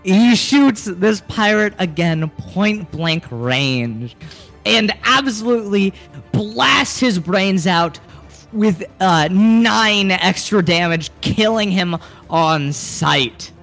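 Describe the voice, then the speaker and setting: Tabletop game master, lively pitch, slow playful narration, quiet music behind. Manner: laughing, playful storytelling.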